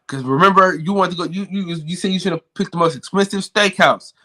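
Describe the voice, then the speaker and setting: Male co-host, slightly high, bright voice, loose joking delivery on a live stream. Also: a little fast. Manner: loose, joking banter, repeats himself. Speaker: podcast co-host. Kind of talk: casual live-stream chat.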